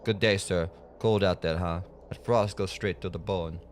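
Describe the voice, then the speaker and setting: A man's voice: sits low, fairly even intonation, normal speed, a little hiss or hum, voice pushed down, close to an everyday voice. Man putting on a courteous small-town pastor. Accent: mock Jamaican accent, attempted. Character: male small-town pastor, friendly, scheming.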